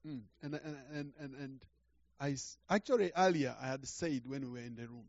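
Gravelly older preacher. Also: male voice, mid-range voice, no echo, dull audio. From Uganda. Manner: halting, repeats words, swings from quiet to loud. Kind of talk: storytelling sermon.

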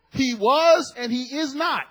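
A man preaching a sermon as pastor of his church, joking with the congregation and rising to shouted emphasis. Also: very high-pitched. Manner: jokey, builds to shouted emphasis.

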